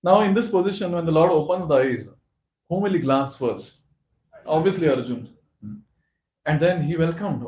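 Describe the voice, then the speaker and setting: A man giving an animated devotional talk at a youth forum, speaking directly to the audience. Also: fairly high pitch, normal speed, slight background noise. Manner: animated storyteller who addresses the audience. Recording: echoey hall.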